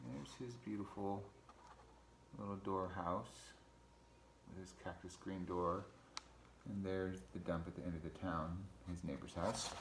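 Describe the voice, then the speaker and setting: A man's voice: deep voice, normal speed, a little hiss or hum. Man reading a picture book aloud to kids. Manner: relaxed, chatty, explains pictures. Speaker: storyteller reading to children. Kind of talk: picture-book read-aloud with chatty asides. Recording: echoey room.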